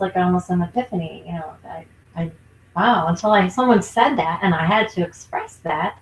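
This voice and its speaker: A woman's voice: lowish voice, echoey room, slight background noise, poor audio. A woman who works as a nurse coach co-hosting a podcast in a bubbly, emphatic, casual way. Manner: bubbly, emphatic, laughs often.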